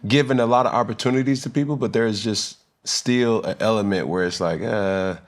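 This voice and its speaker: A man's voice: fairly low pitch, a little fast. Laid-back man host. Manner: laid-back, slangy, playful. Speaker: podcast host. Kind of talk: casual podcast chat.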